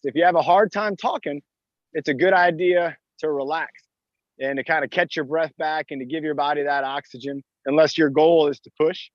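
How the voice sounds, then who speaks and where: A man's voice: sits high, dry recording. A man leading a live outdoor workout class as fitness coach, encouraging and talking through each move as he exercises, recorded on a phone in a park. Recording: dull dry lo-fi phone audio.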